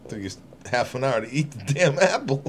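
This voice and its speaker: A man's voice: medium pitch, big pitch swings, fairly quick, noisy background. A man reading scripture aloud on his channel, breaking off into rambling, irreverent asides with frequent laughter. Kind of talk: casual scripture reading with running commentary.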